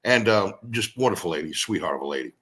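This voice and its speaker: Animated, bright-voiced man telling stories. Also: deep voice, fast talker. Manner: animated, rambling storyteller with many fillers. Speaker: guest, former pro wrestler. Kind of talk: casual storytelling interview.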